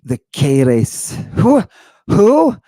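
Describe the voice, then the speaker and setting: A man with a fairly high voice lectures in a slow, drawn-out way. He is dramatic, fires off rhetorical questions and sinks to near-whispers. The sound is dry and close, with no room around it. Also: wildly swooping pitch, no room sound. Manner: dramatic, rhetorical questions, sudden hushed drops. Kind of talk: theatrical lecture on ancient texts.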